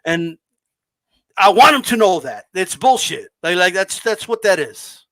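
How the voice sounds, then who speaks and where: A man's voice: high-pitched, sing-song, a little slow, pushed and bright, no echo. A man co-hosting a casual boxing talk show, ranting in a brash, profane way. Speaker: boxing channel co-host. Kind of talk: casual podcast chat.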